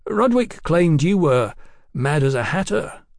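A male narrator voicing a dry, deliberate Victorian police detective who questions politely and speaks in measured tones. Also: a little high, sing-song, vocal fry, a little mellow, dry recording, pitched above the performer's own voice, heavily acted.

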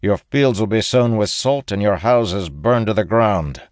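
A man reading an audiobook, voicing a cold, merciless male general who speaks gruffly and evenly. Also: on the low side, a little slow, dry recording, studio quality, pitched above the performer's own voice, close to an everyday voice. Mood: menacing. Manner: gruff, even, unyielding.

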